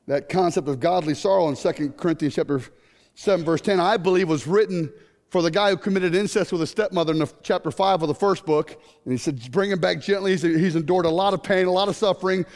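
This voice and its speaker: A middle-aged man preaching a sermon, animated and jokey, breaking into sudden shouts. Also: high-pitched, fast talker. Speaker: pastor. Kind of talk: sermon with comic stories. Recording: long hall reverb.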